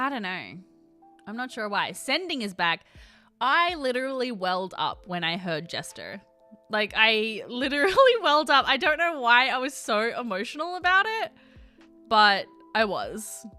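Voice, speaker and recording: A woman hosting a casual livestream chat. She thinks out loud, reacts to her chat, and often trails off unsure of herself. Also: on the high side. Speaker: livestream host.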